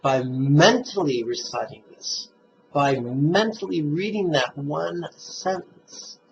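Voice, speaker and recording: A man teaching meditation, speaking in slow, deliberate, emphatic phrases as he gives instruction. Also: on the high side, gravelly. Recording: dull lo-fi recording with faint noise.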